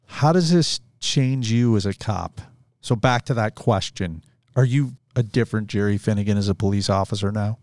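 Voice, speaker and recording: A man hosting a podcast, asking measured, probing interview questions. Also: lowish voice, a little mellow, no room sound, studio quality.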